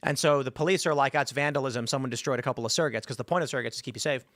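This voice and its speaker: A man hosting a talk show, talking fast and telling animated stories full of quoted voices. His voice is mid-pitched and sits in a dry, close-miked room. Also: no echo. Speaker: host. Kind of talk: casual panel talk show.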